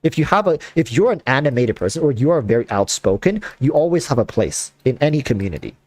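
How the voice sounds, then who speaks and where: A man hosting a casual chat, talking in an animated, rambling way with lots of fillers. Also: medium pitch, quick pace, no echo. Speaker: content creator and host.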